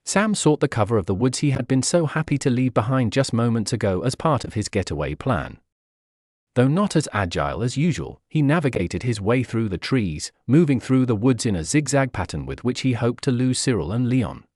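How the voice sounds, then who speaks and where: A man reads a fan-fiction story aloud as a dramatic audiobook, his pitch rising and falling a lot. The recording is dry and close-miked, with no room echo. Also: moderate pace. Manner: expressive, voices the characters' shouts. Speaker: audiobook narrator.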